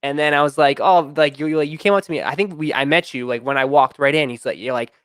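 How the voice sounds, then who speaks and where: A man's voice: on the high side, steady tone, quick pace, a bit bright, smooth, dry recording, clean studio sound. A man hosting a casual livestream chat, rambling with many restarts and fillers. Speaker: livestream host.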